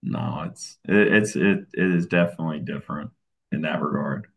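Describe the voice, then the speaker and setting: A man, a college football coach, talking in a casual interview, relaxed and often restarting his sentences. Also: extremely low pitch, moderate pace. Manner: relaxed, many restarts and fillers.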